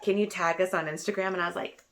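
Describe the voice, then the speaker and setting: A woman in her thirties telling a story to her followers, animated and acting out the quotes with big jumps in pitch. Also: fast talker. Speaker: vlogger. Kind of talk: casual storytelling.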